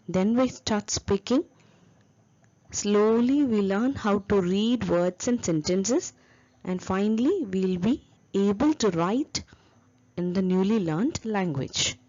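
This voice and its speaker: A woman's voice: mid-range voice, lively intonation, slow, a little mellow, highs cut off. A woman giving a lecture on teaching English, explaining step by step and spelling out example words.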